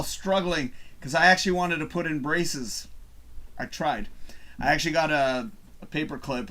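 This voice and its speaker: A man's voice: on the high side, sharp tone. A man hosting a live stream show, chatting casually while drinking, rambling and chuckling as he reads viewer comments aloud.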